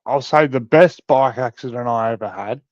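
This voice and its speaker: A man with an Australian accent in casual chat, telling rough, profanity-laced stories as a podcast co-host. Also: medium pitch, normal speed, dry recording. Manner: swearing-heavy, animated storytelling. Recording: dry, slightly dull sound.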